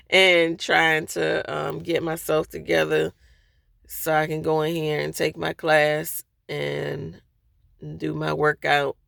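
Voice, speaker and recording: A woman venting candidly to her viewers from a parked car, hesitant, with many pauses and restarts. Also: deep voice, creaky, a bit bright, no echo, clean studio sound. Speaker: vlogger.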